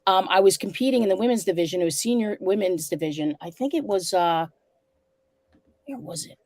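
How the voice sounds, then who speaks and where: A woman guest who talks bluntly and with animation, repeating herself when she is indignant. She sounds like a martial arts school owner chatting on a podcast, and her voice is recorded dry and close with little room sound. Her pitch sits in the middle range. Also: a little fast, darkish tone, dry recording. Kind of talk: casual storytelling in a podcast interview.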